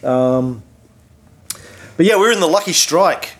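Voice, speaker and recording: A middle-aged man hosting a podcast, chatting casually late at night in a hotel room, a little hoarse and rambling with many fillers and restarts. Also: fairly high pitch, lively intonation, measured pace. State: losing his voice. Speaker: podcast host.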